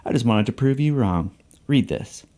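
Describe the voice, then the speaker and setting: A man's voice: medium pitch, expressive, moderate pace, mellow, close to an everyday voice. A man reading a novel passage aloud, voicing a smug, petty male yuppie coworker who needles and gloats.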